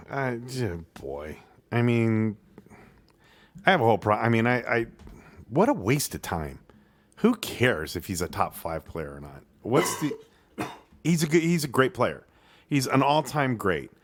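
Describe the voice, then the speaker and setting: A man co-hosting a casual sports talk podcast, talking in a halting way, full of "uh" and "I mean", and getting worked up over his opinions. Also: medium pitch. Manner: animated, halting, with many fillers and restarts. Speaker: podcast co-host.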